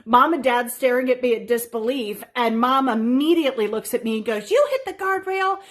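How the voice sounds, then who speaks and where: A woman telling a story in casual chat, animated and often breaking into laughter. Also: fairly high pitch, brisk.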